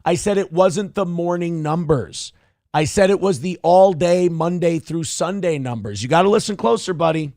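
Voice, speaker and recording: A man's voice: a little high, moderate pace, darkish tone, no echo, studio quality. A man from central Minnesota hosting a livestream show, reading viewer donations and mocking people in a blunt, crude way. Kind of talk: casual livestream commentary.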